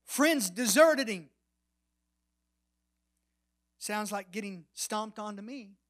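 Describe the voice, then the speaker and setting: A man preaching as pastor has a voice that sits high, sounds expressive, and moves at a slow pace. He shifts widely between loud and soft while telling the story, and closes phrases in a near whisper for emphasis.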